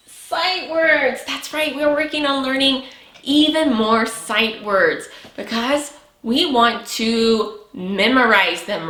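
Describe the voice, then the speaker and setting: A woman teaching a sight-word lesson to young children, with slow, encouraging, sing-song praise. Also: a little high, bright, forceful tone, roomy sound. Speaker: preschool teacher.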